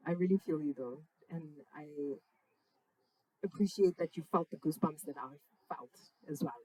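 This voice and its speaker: A woman's voice: sits low, unhurried, long pauses, warm tone, slightly rough, no echo, rough recording. Laid-back, slangy young woman musician. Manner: laid-back, slangy, affectionate, swears freely. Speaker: singer-songwriter hosting a live session. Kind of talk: casual chat between songs. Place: parents' backyard, outdoors.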